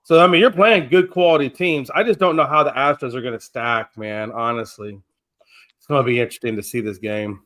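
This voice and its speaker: A man co-hosting a casual sports talk stream, animated, swearing and laughing as he vents about his team's injuries. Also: medium pitch, a little fast. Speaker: sports show co-host.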